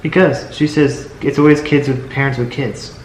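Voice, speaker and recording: A man's voice: mid-range voice, steady tone. Interjecting man in an echoey room. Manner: interjecting, quick to apologize. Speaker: co-host. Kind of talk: casual chat. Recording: echoey room with faint noise.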